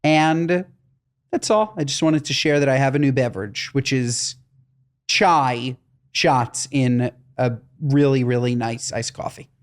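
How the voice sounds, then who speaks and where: A man's voice: medium pitch, unhurried. A man co-hosting a comedy podcast, telling stories in a playful, exaggerated way. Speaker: podcast co-host. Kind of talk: casual comedic chat.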